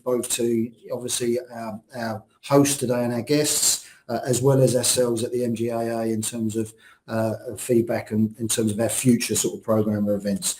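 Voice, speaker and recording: Guy moderating a webinar q&a on a video call, lots of restarts, average pitch. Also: a little mellow, a little hiss or hum, low-quality recording. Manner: hesitant, many restarts. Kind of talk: hosting a business webinar Q&A.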